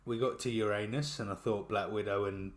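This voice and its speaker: A man's voice: lowish voice, fairly even intonation, fairly quick. A man co-hosting a podcast, chiming in with short agreements and the odd swear. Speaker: podcast co-host. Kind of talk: casual chat. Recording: noisy background.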